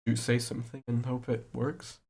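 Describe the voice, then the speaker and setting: A man with an ordinary mid-pitched voice chats loosely, rambling through thoughts and teasing his co-host. His speech is full of fillers and quick asides. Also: flat delivery, creaky, darkish tone, slightly rough. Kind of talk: casual chat.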